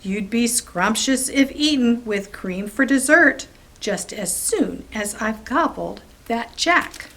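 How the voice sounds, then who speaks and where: A woman's voice: a little high, expressive, slow pace, a bit bright, full character voice. A woman voicing a grumpy, hungry male giant in a rhyming children's story, with a playful storybook delivery. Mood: grumbly, greedy.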